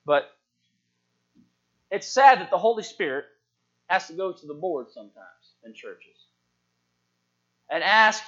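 A man preaching a sermon in a church, calling out to the congregation and swinging from hushed asides to shouts. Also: high-pitched, expressive, measured pace, long pauses. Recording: dull lo-fi sound.

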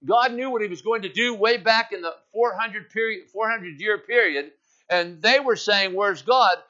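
A male pastor delivers an emphatic sermon in a high, bright, ringing voice. He preaches with firm declarations and rhetorical calls to the congregation. The recording sounds muffled and lo-fi. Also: normal speed. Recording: dull lo-fi sound.

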